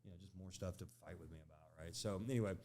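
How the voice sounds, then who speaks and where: A man's voice: low voice, fairly even intonation, racing, darkish tone. A middle-aged man on a podcast, telling a candid personal story in a conversational way, often tagging lines with "right?" and "you know". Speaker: podcast guest.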